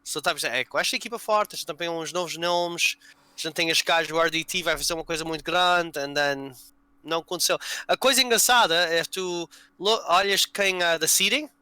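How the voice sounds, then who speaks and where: A man hosts a casual live stream and tells stories with lively energy, mixing Portuguese and English. His voice is very bright and smooth. The sound is dry and close. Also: on the high side, fast, dry recording, poor audio. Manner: lively storyteller, switches between Portuguese and English. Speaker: podcast host.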